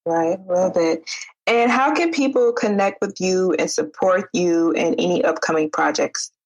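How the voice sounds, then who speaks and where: A woman's voice: fairly low pitch, a little slow, lo-fi sound. A woman hosting a podcast interview, reacting with enthusiasm and laughter. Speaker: podcast host. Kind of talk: casual interview.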